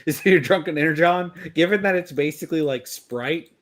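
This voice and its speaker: A man's voice: fairly high pitch, a little fast, fairly bright tone. A young man chatting casually as co-host, joking and laughing often. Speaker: co-host reacting to a review. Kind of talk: casual chat.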